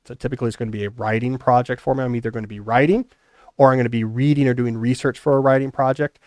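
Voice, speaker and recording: A man's voice: mid-range voice, fairly even intonation, rapid-fire, darkish tone, no echo, clean studio sound. A middle-aged man hosting a podcast in a casual, reflective chat, thinking aloud. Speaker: podcast host.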